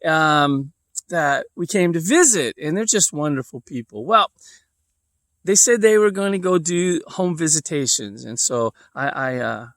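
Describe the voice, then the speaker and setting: Male vlogger, casual storyteller, meandering delivery; slightly high voice, dry close recording. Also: animated, measured pace, a bit bright, dry recording. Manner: rambling, with lots of fillers and restarts.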